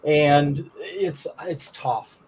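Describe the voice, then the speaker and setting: A man's voice: fairly high pitch, extremely slow, a little mellow, a little hiss or hum, low-quality recording. A man who vends reptiles, talking in a casual chat in an earnest, rambling way. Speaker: reptile vendor guest.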